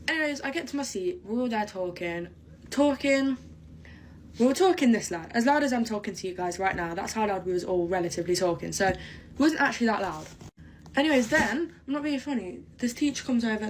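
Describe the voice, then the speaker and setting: A woman's voice: mid-range voice, a little hiss or hum, low-quality recording. A teenage girl telling a storytime in casual chat, chatty and rambling with many fillers. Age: teens. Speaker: vlogger.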